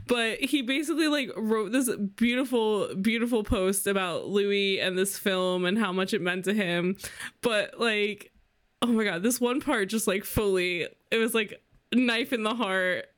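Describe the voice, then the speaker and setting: A young woman co-hosting a podcast, gushing emotionally in casual chat and laughing often. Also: mid-range voice. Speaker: podcast co-host.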